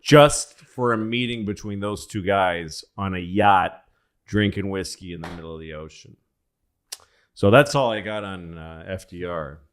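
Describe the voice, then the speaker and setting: A man with a lowish voice tells a loose, profane history story on a comedy podcast. He rambles, restarts and gets animated as he goes. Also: unhurried, clean tone.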